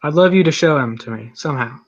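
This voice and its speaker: A man's voice: on the high side, expressive, fast talker, no echo, lo-fi sound. A man in a debate, explaining in technical detail.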